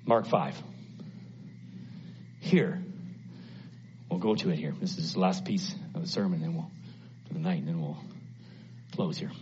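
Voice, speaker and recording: A man preaching a sermon at a church service, dramatic, acting out the voices in the story and swinging from hushed to loud. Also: low voice, unhurried, pauses often, a little hiss or hum. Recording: dull lo-fi sound.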